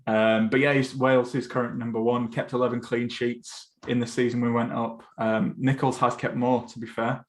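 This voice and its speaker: Brief: young man, Essex accent, podcast host, loose and chatty, mid-pitched voice. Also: level tone, normal speed, few pauses. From England. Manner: chatty, loose, swears casually. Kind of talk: casual chat.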